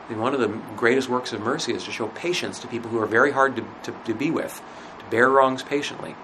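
A man teaching a religion class in a conversational lecture, asking rhetorical questions and often pausing with fillers. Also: medium pitch, a bit bright, slight background noise, poor audio.

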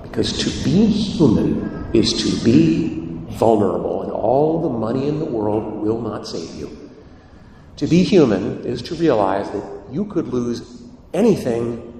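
A man's voice: medium pitch, normal speed, slight background noise. Man preaching in an echoey church. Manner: expressive preaching, shifting between soft and emphatic. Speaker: priest. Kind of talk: sermon. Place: large church. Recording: echoey church hall, voice from a distance.

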